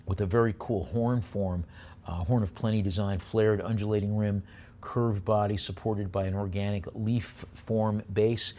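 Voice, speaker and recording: A man working as an auctioneer, calling bids briskly and slowing down, with many "uh" pauses, to describe each piece. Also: on the low side, darkish tone. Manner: brisk bid calling between slower item descriptions; many filler pauses when describing items.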